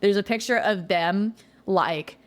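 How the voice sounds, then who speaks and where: A young woman telling a casual interview story about her competitions, chatty, full of "like", swearing when she gets excited. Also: medium pitch, unhurried. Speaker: guest, jiu-jitsu competitor.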